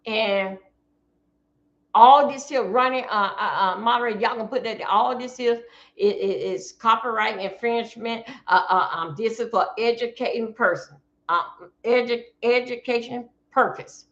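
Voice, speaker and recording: A woman's voice: fairly high pitch, normal speed, a bit bright, highs cut off. A woman from Florida, giving blunt casual commentary to her live-stream chat from home.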